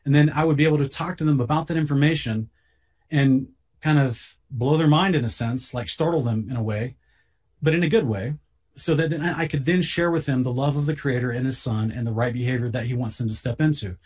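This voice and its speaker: A man telling a personal story in a casual podcast talk, earnest and halting, often repeating words as he starts a sentence. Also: mid-range voice, darkish tone, slightly rough.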